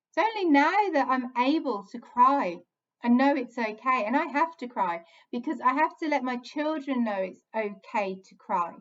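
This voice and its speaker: A woman talks gently and earnestly about healing, repeating short phrases in a soothing way. Her voice sits a little high. The recording sounds dull and lo-fi. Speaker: inner child healing coach. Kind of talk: earnest self-help talk.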